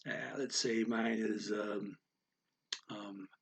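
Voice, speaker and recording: Guy teaching mandarin tones, kinda raspy, takes his time, lots of ums, does big high and low demo sounds. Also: steady tone. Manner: unhurried, halting with fillers and restarts. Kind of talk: casual spoken lesson.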